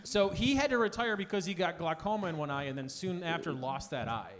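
A man co-hosting a podcast in casual comedic chat, animated and laughing as he wanders off topic. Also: on the high side, fairly quick. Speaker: podcast co-host.

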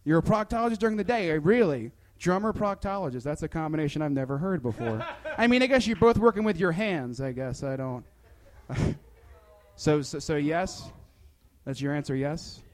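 Brief: young male comedian, high voice, playful and a bit hesitant. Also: animated, moderate pace. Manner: playful, hesitant with many fillers. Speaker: stand-up comedian. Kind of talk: comedy bit then casual interview chat.

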